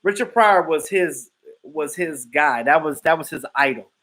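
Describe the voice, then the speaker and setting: Animated high-voiced man chatting live. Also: unhurried, poor audio. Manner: animated, laughs often, acts out quotes. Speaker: live stream host. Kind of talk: casual chat reacting to viewers.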